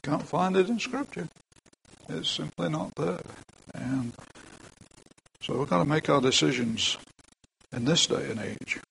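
A man's voice: on the high side, unhurried, creaky, long pauses, a bit bright, slight background noise, poor audio. An older man preaching a sermon in a church, talking plainly to the congregation with frequent asides.

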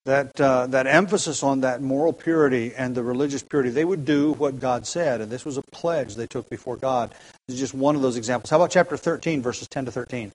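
Man, Bible class teacher, mid-pitched voice, halting, lots of fillers and restarts. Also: low-quality recording. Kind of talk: casual Bible class lecture.

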